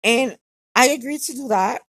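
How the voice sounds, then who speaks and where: Woman, casual storyteller, candid and repetitive, slightly high, husky voice, dry close sound. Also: moderate pace, fairly bright tone, dry recording. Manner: candid, conversational, repeats phrases for emphasis.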